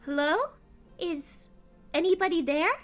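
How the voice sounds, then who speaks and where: A woman voicing a gentle, timid blind female house cat who talks in a soft, friendly way. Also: very high voice, steady tone, measured pace, faint music behind, pitched above the performer's own voice.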